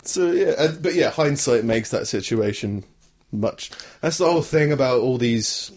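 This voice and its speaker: A man co-hosting a podcast in casual, sarcastic chat. His voice is husky and his pitch moves a lot. He is wry and dry-humoured. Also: lively intonation, normal speed, darkish tone. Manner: wry, sarcastic, slips into mocking quoted voices. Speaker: podcast co-host.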